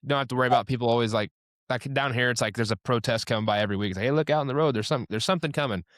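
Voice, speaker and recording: A young man hosting a casual chat, talking quickly with lots of fillers and ranting. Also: medium pitch, fairly bright tone, dry recording, clean studio sound. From Indiana, USA.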